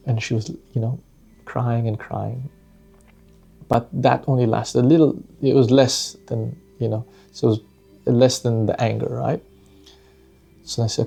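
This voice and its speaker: A man's voice: medium pitch, steady tone, a little slow, creaky, pauses often, mellow, slightly rough, soft background music. A man, a father, telling a personal parenting story in a reflective, conversational way, often tagging his sentences with "right?" and "you know".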